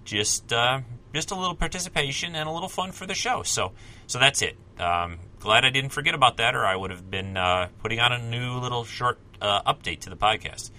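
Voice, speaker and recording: A man's voice: medium pitch, fairly quick, bright, forceful tone. A man hosting a solo podcast, talking casually and rambling with self-corrections and asides. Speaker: podcast host.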